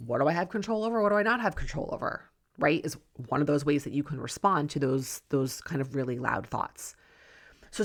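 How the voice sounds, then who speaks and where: A middle-aged woman hosting a solo podcast as a weight loss coach, talking earnestly and rambling, often checking in with "right?". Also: low-pitched. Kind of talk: casual solo podcast monologue.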